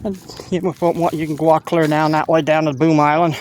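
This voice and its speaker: A man ambles along an outdoor levee and talks into his phone in a loose, halting way, often breaking off to warn about safe swimming. He sounds a little winded from the walk. Faint outdoor noise sits under his voice. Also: on the high side, flat delivery, a little mellow. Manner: rambling, halting, stops to give safety advice. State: out of breath from walking. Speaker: walking tour vlogger. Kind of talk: casual walking commentary. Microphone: handheld phone camera while walking.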